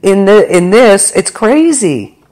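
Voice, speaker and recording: A man's voice: high voice, sing-song, takes it slowly, darkish tone. A man hosting a podcast, recapping a show episode in a rambling, filler-heavy way. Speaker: podcast host. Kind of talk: casual episode recap chat.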